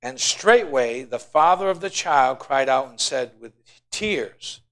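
Preacher guy, slightly high voice, goes quiet then booms, gets the church to say it back. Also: lively intonation, moderate pace, pauses often. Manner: preaching with call-and-response, swinging from soft asides to loud emphasis. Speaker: pastor. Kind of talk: sermon.

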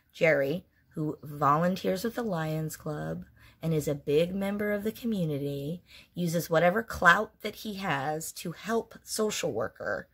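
A woman's voice: fairly low pitch, slightly rough. A woman in her forties telling a painful personal story in a candid vlog, blunt and emotionally raw, with frequent swearing.

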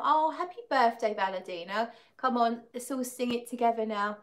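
A woman's voice: on the high side, fairly quick, hardly any pauses. Woman, casual livestream chat, talkative, laughs often, reads comments aloud. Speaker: fragrance livestream host.

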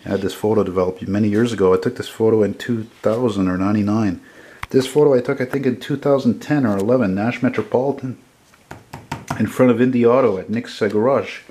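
A man's voice: fairly low pitch, warm tone, slight background noise. A man, rambling enthusiastically as he walks through photos he is selling. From Montreal, Canada. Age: 40s. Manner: rambling and enthusiastic, quick with self-corrections. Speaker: photographer selling his car prints. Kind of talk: casual sales walkthrough.

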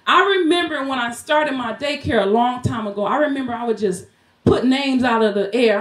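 In an echoey home-church room, a woman with a high, animated voice preaches a Mother's Day sermon at a fairly quick clip. She's fervent, bursting into song at times and laughing while she talks.

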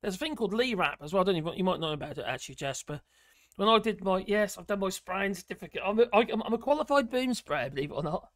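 A man hosting a livestream, chatting casually and excitably with viewers and reading the comments. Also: sits high, quick pace, no room sound, studio quality. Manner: excitable, exclaims often, rambling. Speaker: livestream host.

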